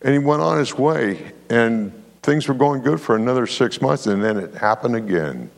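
A man's voice: medium pitch, normal speed, vocal fry, long reverb tail. A man preaching a sermon as pastor, telling a story and calling for amens from the congregation. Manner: preaching with call-and-response amens, animated storytelling.

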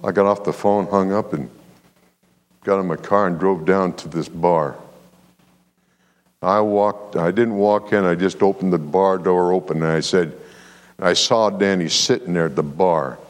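His voice low and his pace a little slow, a pastor preaches in a large hall. He animates his sermon with a story and repeatedly calls on the congregation for amens.

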